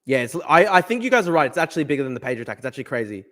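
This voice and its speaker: A man's voice: very animated, racing, fairly bright tone. A man hosting a live-streamed news show who reacts to chat, swears hard and repeats himself for emphasis. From Australia. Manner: profane, emphatic, repeats himself, mocks in a high voice. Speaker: livestream news host.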